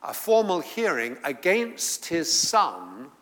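A middle-aged man teaching a sermon on the Beatitudes, halting with fillers and restarts, rising emphatically when he quotes scripture. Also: on the high side, huge pitch swings, fairly bright tone. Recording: long reverb of a hall.

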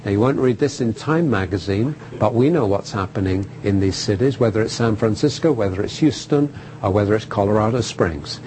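A male preacher delivering a sermon with a voice of ordinary, middle pitch. He speaks emphatically, leans on repetition and rhetorical questions, and pauses between phrases. A faint hiss sits under the voice. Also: darkish tone, poor audio.

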